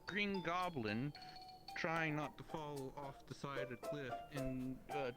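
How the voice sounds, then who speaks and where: A man's voice: medium pitch, steady tone, unhurried. A man narrating a tabletop role-playing game as game master, with a hesitant manner full of fillers. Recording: background music. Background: music.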